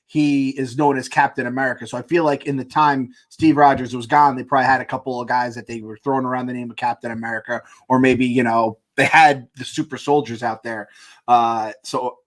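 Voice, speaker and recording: A man's voice: medium pitch, fairly even intonation, fairly quick. Rambling man, casual podcast chatter. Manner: rambling, many fillers and restarts, laughs often. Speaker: podcast co-host. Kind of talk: casual chat.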